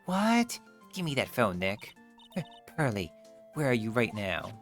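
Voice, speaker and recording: A man voicing a bubbly, excitable young woman in a perky, loud falsetto. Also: a little slow, soft background music. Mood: excited.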